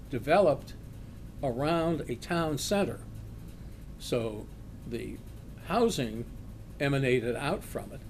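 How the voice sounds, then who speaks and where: An older man, a retired law professor, slowly telling a personal story and acting out the shouts in it. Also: medium pitch, slight background noise. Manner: slow, animated storyteller acting out quoted shouts. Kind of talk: oral history storytelling.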